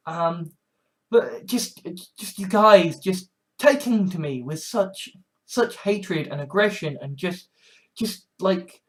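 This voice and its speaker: A man in his twenties in a rambling vlog monologue, halting and sardonic, with many restarts. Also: sits high. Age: 20s. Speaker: vlogger.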